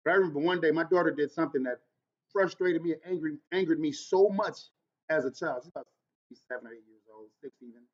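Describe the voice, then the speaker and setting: High-voiced man hosting a podcast. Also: fast talker, muffled recording. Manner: storytelling, wide swings in loudness and pitch; uses Black American vernacular. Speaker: podcast host. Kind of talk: casual solo podcast monologue.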